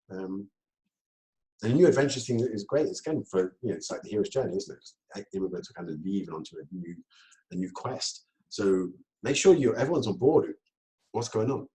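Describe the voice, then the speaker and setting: A man giving a talk on communication, lively, laughing often and acting out quoted exchanges. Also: medium pitch, low-quality recording. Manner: lively, laughs between points, acts out quoted dialogue. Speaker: speaker.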